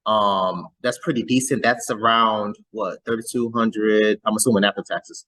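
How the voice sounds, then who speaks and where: A man's voice: on the low side, fairly even intonation, normal speed, bright, forceful tone, low-quality recording. A man hosting a reaction video, chatting casually and often repeating words as he stumbles through his thoughts.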